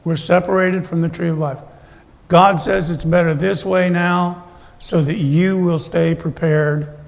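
Gravelly preacher in an echoing hall. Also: male voice, a little high, steady tone, measured pace. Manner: conversational preaching with rhetorical questions. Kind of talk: sermon. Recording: long reverb of a large hall.

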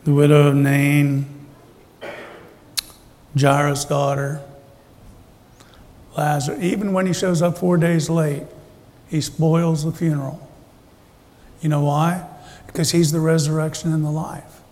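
Male preacher, slightly high voice with gravel, conversational sermon delivery, big hall reverb. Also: flat delivery, measured pace, long pauses, darkish tone. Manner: conversational preaching with rhetorical questions. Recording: long reverb of a large hall.

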